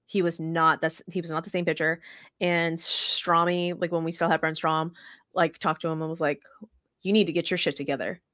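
Animated, profane woman chatting sports. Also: on the low side, no room sound, clean studio sound. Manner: animated, profane storytelling with fast restarts. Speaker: podcast co-host. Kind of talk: casual sports chat.

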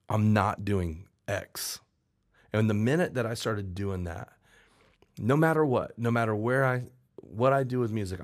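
Man, low voice, songwriter, rambling interview storytelling, animated quotes.

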